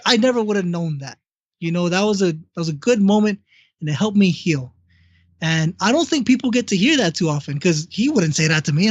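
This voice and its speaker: High-voiced, profane storytelling man. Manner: blunt and profane, animated storyteller. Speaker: podcast co-host. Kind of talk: casual chat, personal storytelling. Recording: dull lo-fi, dry sound.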